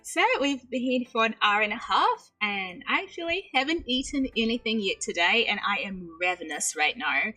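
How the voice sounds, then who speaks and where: A woman's voice: fairly high pitch, expressive, moderate pace, few pauses, sharp tone, faint music behind. Bubbly, giggly woman streamer. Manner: bubbly, giggly, slips in Japanese phrases. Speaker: VTuber streamer. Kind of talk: casual livestream chat.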